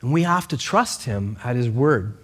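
A man pastor giving a sermon, telling a story with lively emphasis and frequent "um" and "uh" fillers. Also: mid-range voice, moderate pace, slightly rough. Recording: reverberant hall.

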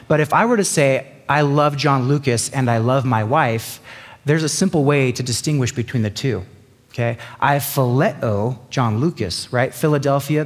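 A man's voice: medium pitch, big-room sound. A man preaching a sermon as pastor, conversational with joking asides. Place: church sanctuary.

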